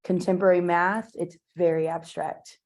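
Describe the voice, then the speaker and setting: A woman's voice: fairly low pitch, little pitch movement, normal speed, a little mellow. Chatty woman teaching math. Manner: chatty, informal, many fillers and asides. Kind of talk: classroom lecture. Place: classroom.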